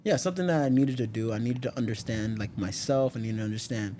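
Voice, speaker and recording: A man's voice: mid-range voice, fast, a little hiss or hum. A young man from Miami, a podcast guest in casual chat, telling stories and laughing often. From Miami, United States. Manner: laughs often, animated storytelling.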